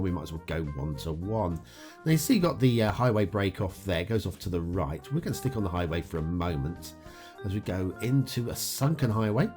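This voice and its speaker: In a lowish, darkish voice, a man hosting a game review show gives casual, upbeat commentary on gameplay, peppered with "uh" fillers. Faint guitar music plays behind him.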